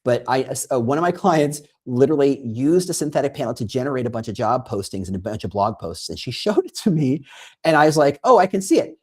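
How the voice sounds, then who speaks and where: A man guest on a podcast, explaining in an animated conversational way and acting out quoted prompts and reactions. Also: medium pitch, quick pace, breathy edge. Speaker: guest, recruiting consultant.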